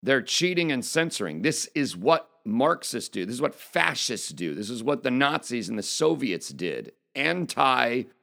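A man's voice: mid-range voice, sing-song, moderate pace, creaky, few pauses, bright, forceful tone. A man giving an indignant opinion monologue as a political commentator, speaking emphatically. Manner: emphatic, indignant, reads quotes aloud.

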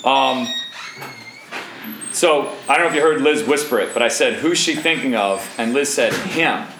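A man in his thirties preaching a sermon in an animated, joking way, with asides to the crowd. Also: mid-range voice, normal speed, roomy sound, a little hiss or hum, poor audio. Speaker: pastor.

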